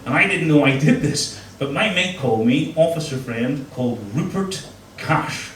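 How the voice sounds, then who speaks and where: A middle-aged comedian telling crude, self-mocking stories on stage, his voice sitting a little high for a man. The sound is an echoey club room picked up from some way off the mic, with a faint hum of ambience behind. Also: expressive, normal speed, fairly bright tone, far from the mic. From Northern Ireland. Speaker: stand-up comedian. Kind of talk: stand-up set.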